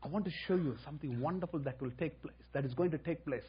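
Brief: male preacher, fairly high husky voice, muffled lo-fi recording. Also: quick pace. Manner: storytelling, rising to loud emphatic preaching. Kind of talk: sermon with testimony.

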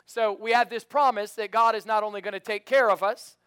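Rousing high-voiced preacher. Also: male voice, steady tone, a little fast, smooth, dry recording, clean studio sound. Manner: rousing, call-and-response with the congregation; rises to loud emphatic peaks, drops to quiet storytelling. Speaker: pastor. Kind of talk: sermon. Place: church.

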